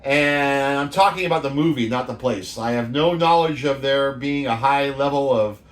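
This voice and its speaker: This show host, a man in his fifties from the Bay Area, has a mid-range voice and moderate pace as he spins casual, profane stories and laughs often throughout his monologue.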